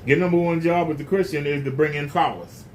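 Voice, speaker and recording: Man preacher, casual spoken sermon, emphatic and folksy, slightly high voice. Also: fairly even intonation, fast, a little hiss or hum.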